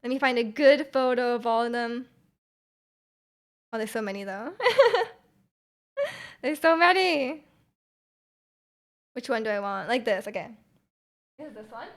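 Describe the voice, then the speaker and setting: A woman with a Canadian accent, chatting casually with viewers on a stream, full of fillers and restarts and quick to laugh. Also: on the high side, lively intonation. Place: home room.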